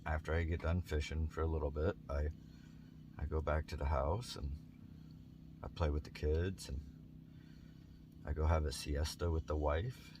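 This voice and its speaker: A man voicing a contented fisherman in a told story, speaking in an unhurried way. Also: a bass voice, steady tone, noisy background.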